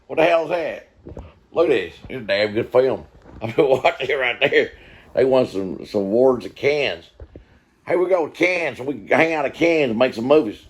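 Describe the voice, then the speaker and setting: A man's voice: mid-range voice, expressive, moderate pace, breathy edge. A man giving rambling, folksy commentary while watching a film, swearing casually and repeating himself. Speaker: vlogger.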